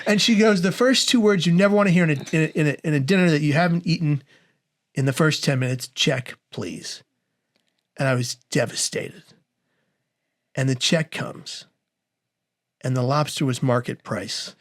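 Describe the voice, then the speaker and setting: Man, forties, podcast guest, animated comic storyteller, slightly high voice, acts out voices. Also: normal speed. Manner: animated, acts out quoted voices with big pitch swings.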